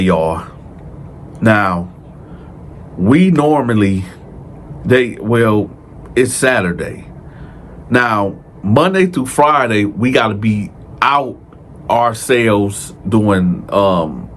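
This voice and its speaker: A man telling a true prison story in casual storytime style, speaking slangy and addressing viewers directly, jumping his pitch up to act out the people he quotes. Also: slight background noise. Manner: animated, acts out quoted dialogue with raised pitch.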